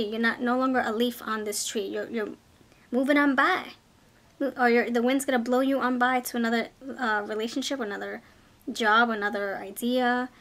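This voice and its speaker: Excitable upbeat woman reading tarot. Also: fairly high pitch. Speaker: tarot reader. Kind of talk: casual pick-a-card tarot reading.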